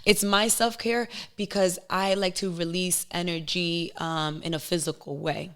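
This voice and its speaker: A young woman guest in a casual podcast chat, telling candid, emotional stories in an animated way. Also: lowish voice, a little slow, clear, resonant tone.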